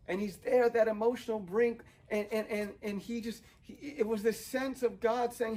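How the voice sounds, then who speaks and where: A man's voice: sits high, fairly even intonation, moderate pace, few pauses, a little mellow, poor audio. A young man preaching a sermon outdoors, earnest and building to fervent emphasis. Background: dog barking, wind.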